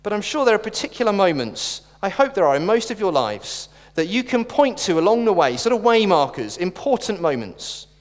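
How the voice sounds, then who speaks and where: A man delivers a sermon, his high voice leaping about with expressive swings. He mixes earnest conviction with wry, self-aware jokes. The sound carries the long reverb of a church hall. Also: fairly quick, few pauses. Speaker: preacher.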